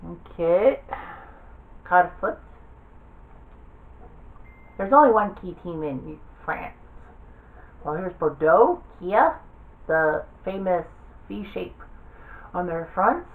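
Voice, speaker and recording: Low-voiced woman musing over soccer kits. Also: sing-song, takes it slowly, pauses often, phone-quality sound. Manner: offhand, rambling, thinking aloud. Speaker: gaming video creator. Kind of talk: casual commentary while browsing a game.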